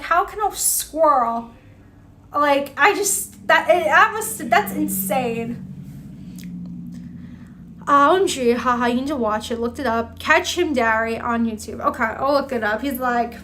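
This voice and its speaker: Bright, high-voiced woman chatting on a livestream. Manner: chatty, giggly, reads out viewer comments. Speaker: livestream host. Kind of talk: casual chat with live viewers.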